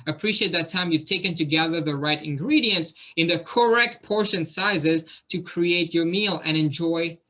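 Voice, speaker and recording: A man coaching a group over a video call, his voice very bright and a little higher than most men's. He keeps it encouraging and conversational, inviting others to speak. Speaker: fitness coach.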